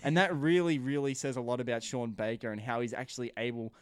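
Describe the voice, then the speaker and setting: A man's voice: medium pitch, fairly even intonation, fast, smooth, dry recording, clean studio sound. A man talking about a film in a casual chat, enthusiastic and rambling, peppering his talk with "like" and swearing. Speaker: film reviewer.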